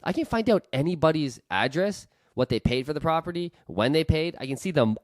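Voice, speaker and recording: A man on his vlog, blunt and ranting, his pitch swinging widely as he pushes his points. The sound is close and dry, with no room echo at all. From Canada. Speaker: real estate investor and channel host. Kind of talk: opinionated vlog commentary.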